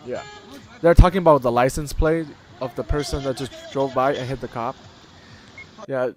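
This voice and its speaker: A man's voice: mid-range voice, normal speed. A man hosting his own channel, chatting casually as he explains internet memes, with plenty of fillers and restarts. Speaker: YouTube host. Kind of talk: casual meme commentary.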